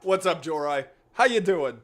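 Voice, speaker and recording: A young man, streaming a game and bantering loudly with chat. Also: on the high side, animated, moderate pace. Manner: loud joking banter, swearing, shouting greetings. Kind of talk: casual gaming livestream chat.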